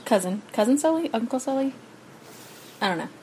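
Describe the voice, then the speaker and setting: A woman co-hosting a casual podcast, rambling and halting as she talks about a TV show, laughing often. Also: on the high side, animated, dark tone, slight background noise, rough recording. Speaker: podcast co-host. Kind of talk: casual chat recap of a TV show.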